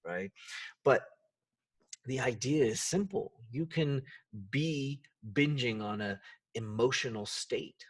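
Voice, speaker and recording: A man hosting a solo self-help podcast, talking in an animated way and acting out the quoted voices and reactions. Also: lowish voice, a little slow, distant mic. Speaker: podcast host.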